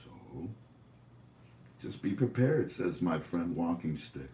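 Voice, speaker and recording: A man's voice: low-pitched, slow, gravelly, a little hiss or hum. A man hosting a livestream in a rambling, joking way, his voice rising and falling a lot. He sounds far from the mic in a room with a lot of echo. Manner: rambling, jokey, animated. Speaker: livestream host. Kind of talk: rambling casual commentary.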